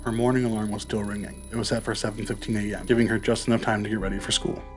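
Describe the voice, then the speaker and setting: A man's voice: lowish voice, level tone, very fast, soft background music. A man hosting a podcast, narrating true crime casually with profane, joking asides. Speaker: podcast host.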